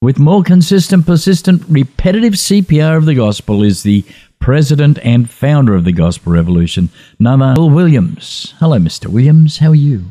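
A man's voice: on the high side, lively intonation, brisk, dark tone. Jokey, chatty male host. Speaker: show host. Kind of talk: casual talk show chat.

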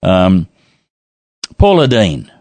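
A man's voice: low-pitched, wildly swooping pitch, extremely slow, a little mellow, no echo. Male co-host, dry close sound, chatty and jokey, reads listener mail with asides. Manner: chatty, laughs often, playful asides. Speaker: podcast co-host reading a listener email. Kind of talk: casual chat.

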